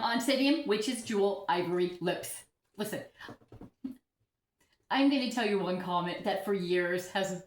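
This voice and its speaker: A woman's voice: medium pitch, a little hiss or hum. Chatty, giggly woman in an echoey room. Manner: chatty, giggly, self-deprecating. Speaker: orchid vlogger. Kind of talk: casual vlog chat. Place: home room with orchids.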